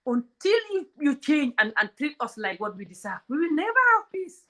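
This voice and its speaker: A woman's voice: high voice, sing-song, moderate pace, sharp tone. A woman from Africa hosting a comedic relationship talk, blunt and outspoken, often laughing. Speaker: host.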